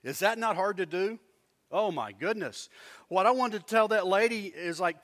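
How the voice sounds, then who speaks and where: A middle-aged man pastor preaching a sermon, telling stories with lively asides to the congregation. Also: high voice, normal speed. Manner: animated storytelling with asides to the congregation.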